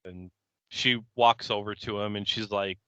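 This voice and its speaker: Slow, bright-toned man on a dull mic. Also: lowish voice, fairly even intonation, clear, resonant tone, no room sound. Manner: unhurried, plain scene-by-scene retelling. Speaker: podcast co-host. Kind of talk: casual episode recap chat.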